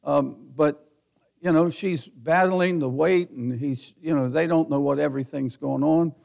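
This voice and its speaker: A middle-aged male pastor with a notably high, gravelly voice preaching in a folksy, conversational way. He chuckles between points and climbs toward fervent near-shouting when he drives a message home. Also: unhurried. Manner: folksy, laughs often, builds to near-shouting. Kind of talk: sermon.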